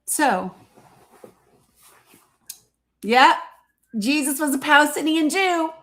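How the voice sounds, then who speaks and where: A woman's voice: high voice, expressive, takes it slowly, a bit bright. A woman hosting a live stream, chatting casually with her viewers and laughing often as she talks to them directly. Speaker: livestream host.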